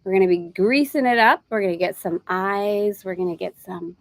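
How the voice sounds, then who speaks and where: A woman teaching a live spiritual lesson in a relaxed, conversational way. Her voice sits in a middle pitch range. The sound is close and dry. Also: moderate pace, no room sound, low-quality recording. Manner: warm chatty asides, breaks into laughter. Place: travelling in Greece, indoors.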